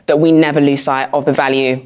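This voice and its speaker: A woman's voice: a bass voice, little pitch movement, brisk, a little mellow, clear, resonant tone. A woman co-hosting a podcast, speaking in an earnest, articulate way in a casual discussion. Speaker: podcast co-host.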